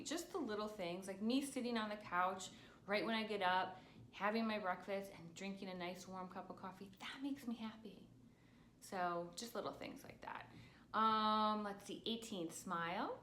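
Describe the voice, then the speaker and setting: A woman's voice: mid-range voice, a bit bright. Chatty woman in her forties, echoey room. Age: 40s. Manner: chatty, earnest, with many fillers. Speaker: vlogger. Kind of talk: casual talking-to-camera vlog. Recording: echoey room with faint noise.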